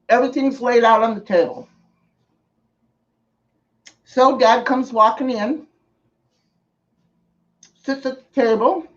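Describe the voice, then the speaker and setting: A woman streamer telling a personal story in casual, unhurried speech, earnest in tone and pausing to thank viewers. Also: fairly high pitch. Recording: distant, dull lo-fi mic.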